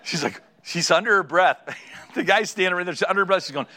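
A middle-aged man preaching a sermon, telling a story in a lively way and acting out the people in it. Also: high voice, fast talker. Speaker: pastor.

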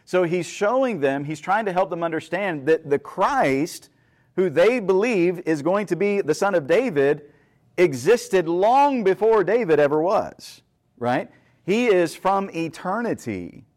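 Sitting high in pitch with big swings, this man's voice is unhurried and a little mellow. He's preaching, reading scripture and explaining it as if chatting, frequently asking his listeners rhetorical questions and punctuating points with "right?".

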